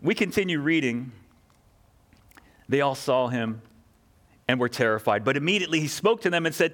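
A man's voice: mid-range voice, expressive, moderate pace, pauses often, a bit bright. A man preaching a sermon, earnest and emphatic, asking rhetorical questions and repeating key phrases. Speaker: pastor.

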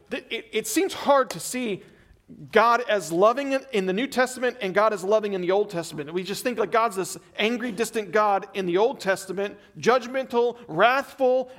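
A man preaching a sermon earnestly, swinging between emphatic lines and very quiet, drawn-back phrases. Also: high voice.

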